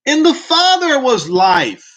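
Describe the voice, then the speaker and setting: A man's voice: very high voice, huge pitch swings, takes it slowly, a bit bright. A man teaching scripture in a preaching manner, emphatic and fond of rhetorical questions to the listener. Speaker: Bible teacher. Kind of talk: preaching Bible commentary.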